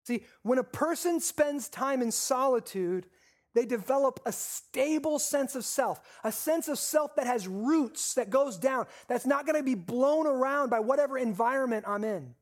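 A pastor preaching a sermon with repeated, stressed phrases, slowing down on key lines and asking the congregation questions. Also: high-pitched, animated.

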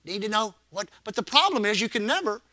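A man's voice: sits high, sing-song, quick pace, sharp tone, no echo. A man preaching a sermon as pastor, repeating phrases and calling the congregation to respond. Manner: preaching with call-and-response and repetition.

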